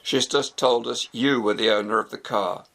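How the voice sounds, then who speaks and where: A man voicing a formal police officer calmly delivering bad news. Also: mid-range voice, normal speed, vocal fry. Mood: grave. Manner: formal, grave.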